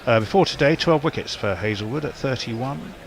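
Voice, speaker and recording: A man's voice: medium pitch, lively intonation, a little fast, creaky, a little hiss or hum. A man doing ball-by-ball cricket commentary in a wry, chatty, wordy way.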